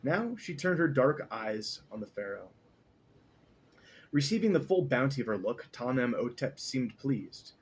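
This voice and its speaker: A man's voice: mid-range voice, expressive, normal speed, a little hiss or hum. A man casually reading a novel aloud, adding comments, tripping over words and cursing at himself. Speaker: reader.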